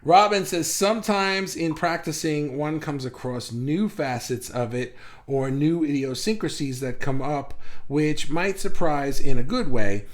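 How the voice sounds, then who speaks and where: A man hosting a live stream, reading viewers' comments aloud and riffing on them in a rambling, self-mocking way. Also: mid-range voice. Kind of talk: casual live-stream chat.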